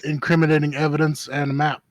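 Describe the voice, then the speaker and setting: A man's voice: on the high side, level tone, fast talker, dry recording. A man playing in a tabletop game, talking through his reasoning in a laid-back, casual way. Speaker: player.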